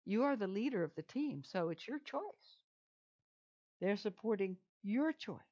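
A woman's voice: mid-range voice, expressive, warm tone. A woman leading a guided meditation in a soothing, repetitive way. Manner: slow, soothing, repetitive phrasing. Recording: dull lo-fi sound.

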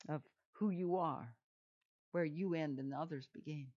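A woman's voice: low voice, a little mellow. A woman leading a guided meditation in a soothing, repetitive way. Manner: slow, soothing, repetitive phrasing. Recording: dull lo-fi sound.

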